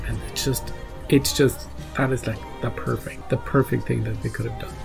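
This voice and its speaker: A man's voice: mid-range voice, creaky, a little mellow, poor audio. A man hosting a reaction channel, recapping an episode with rising emotion and acting out his own gasps and urgings. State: choked up.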